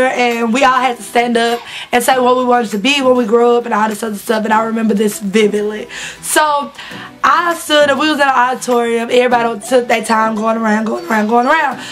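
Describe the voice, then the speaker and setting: Her voice is on the high side with a fairly bright tone. A vlogger in her 20s from the Southern United States, she tells her audience candid stories to camera, chatty, slangy, and laughing throughout.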